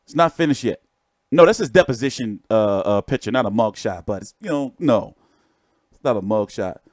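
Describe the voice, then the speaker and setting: A man's voice: fairly low pitch, lively intonation, normal speed, no echo. A man hosting a boxing livestream, chatting loosely and cracking profane jokes while showing pictures. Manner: joking, profane, rambling show-and-tell. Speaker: boxing channel host. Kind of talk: casual livestream chat.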